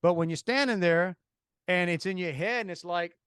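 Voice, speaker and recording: A man with a Cajun accent tells a long story on a podcast in a fairly high voice. He talks in an animated, rambling way, full of restarts. The sound is close and dry. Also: normal speed, clean tone, dry recording. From Louisiana. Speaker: podcast co-host. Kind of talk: casual storytelling.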